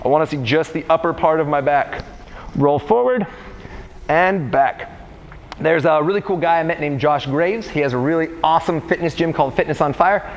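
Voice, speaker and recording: A young man coaching warm-up exercises in a casual, joking way while demonstrating the moves. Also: on the high side, normal speed, lo-fi sound, a little hiss or hum. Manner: playful, jokey, talks while exercising. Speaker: freerunning coach.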